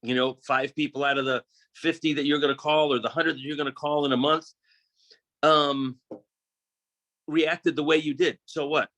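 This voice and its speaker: A man's voice: a little high, fairly even intonation, normal speed, pauses often, fairly bright tone, rough recording. A man in a group discussion, speaking up earnestly and using many fillers. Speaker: group member.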